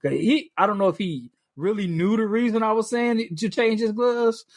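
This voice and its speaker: A man on a podcast, telling a story in casual chat, animated, full of fillers and restarts, swearing freely. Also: high-pitched, normal speed, dry recording, studio quality. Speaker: podcast co-host.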